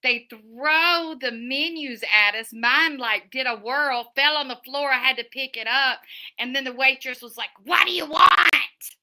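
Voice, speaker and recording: Woman, middle-aged, livestream host, chatty storyteller, bright sharp voice. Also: high-pitched, measured pace. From Southern United States. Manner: chatty storyteller, animated, many restarts. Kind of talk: casual chat reading viewer comments.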